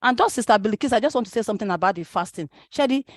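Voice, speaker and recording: A woman's voice: a little high, animated, racing, dry recording, studio quality. A woman from Nigeria with a Nigerian accent, giving an impassioned religious talk to parents, exhorting the audience with rhetorical questions and slipping Arabic and Yoruba phrases into her speech.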